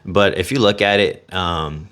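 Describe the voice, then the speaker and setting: A man's voice: deep voice, fairly even intonation, measured pace, a bit bright. A man who coaches athletes, talking on a podcast in an intense, motivational and profane way. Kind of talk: casual podcast chat.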